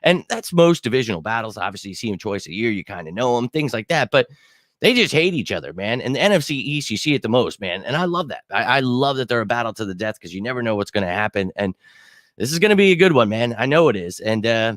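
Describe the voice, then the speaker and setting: An excitable man in his thirties hosts a live sports stream in casual chat, swearing freely and filling gaps with "uh" and "you know". His voice sits at an ordinary middle pitch. The sound is dry and close, with no room echo. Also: fast. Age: 30s. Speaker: sports show host.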